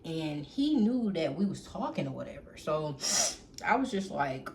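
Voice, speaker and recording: A young woman tells a personal story straight to camera in a loose, animated way, cursing freely and calling out to her viewers. A faint noise floor runs under the recording. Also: deep voice, normal speed. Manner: animated, profane, keeps addressing the audience as y'all. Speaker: storytime vlogger.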